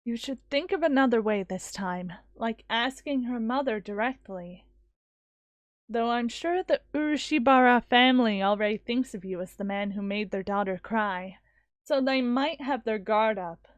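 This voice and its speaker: A woman voicing a sharp, sarcastic young woman scientist from a visual novel, speaking in a dry, cutting, matter-of-fact way. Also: fairly high pitch, moderate pace, no echo, dull audio, lightly acted.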